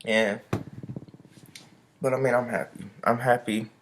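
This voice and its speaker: A man's voice: medium pitch, fairly even intonation, measured pace, a bit bright, a little hiss or hum. A young man vlogging a casual storytime rant, loose and chatty, full of "I was like" and slang.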